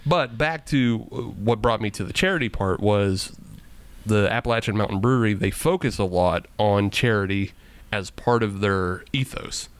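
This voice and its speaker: A man's voice: on the low side, moderate pace, clean tone, no echo. A man hosting a casual beer-tasting podcast, joking and laughing often as he talks. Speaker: podcast host.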